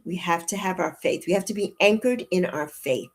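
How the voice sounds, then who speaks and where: A woman in her early sixties hosting a casual livestream, chatting warmly and repeating her phrases as she answers viewers' comments. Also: fairly low pitch, moderate pace. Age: 60s. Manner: warm, chatty, repeats phrases, laughs often. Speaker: livestream host.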